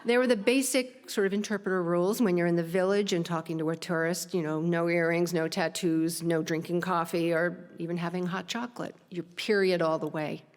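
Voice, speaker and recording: A woman's voice: lowish voice, a little fast, few pauses. Woman telling a stage story in a reverberant hall. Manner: lively, self-mocking, laughing at her own tale. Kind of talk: personal story told on stage. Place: theater stage.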